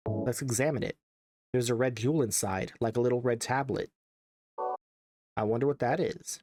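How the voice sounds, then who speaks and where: Man, casual game commentary, wry, chatty, mid-pitched voice. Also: normal speed, a little mellow, a little hiss or hum. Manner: wry, chatty, reads game text aloud. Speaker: let's play gamer.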